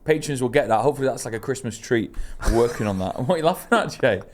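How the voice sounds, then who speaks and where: A man's voice: medium pitch, fast talker, a little hiss or hum. A man hosting a comedy podcast, teasing his guests in casual chat. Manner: teasing, animated. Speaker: podcast host.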